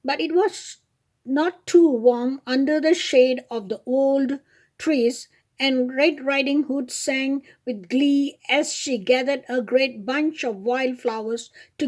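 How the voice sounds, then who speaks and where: A woman's voice: sits high, dark tone. A woman reading a fairy tale aloud as a storyteller, with small slips and self-corrections along the way.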